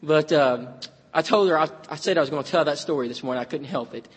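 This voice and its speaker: High, husky preacher in an echoey hall. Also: male voice, fast. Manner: earnest storytelling, shifting between folksy humor and solemn drama. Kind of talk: sermon.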